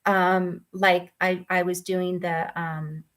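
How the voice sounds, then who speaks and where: A woman mindfulness coach telling a personal story in a gentle, earnest way, with frequent ums and restarts. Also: on the low side, flat delivery, takes it slowly.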